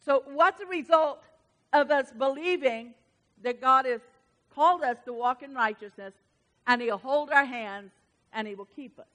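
A woman's voice: high voice, normal speed, a bit bright. A woman preaching a sermon to women, passionate and emphatic, breaking into exclamations and rising bursts.

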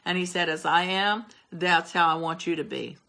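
A woman's voice: lowish voice, normal speed, vocal fry, bright, forceful tone. An older woman preaching a sermon, emphatic and repetitive as she drives her points home. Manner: emphatic, repeats words for stress.

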